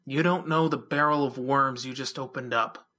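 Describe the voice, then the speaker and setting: A man's voice: medium pitch, fairly even intonation, moderate pace, sharp tone, lightly acted. A man reading a dry, sardonic teen girl. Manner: dry, muttering. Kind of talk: audiobook character voice.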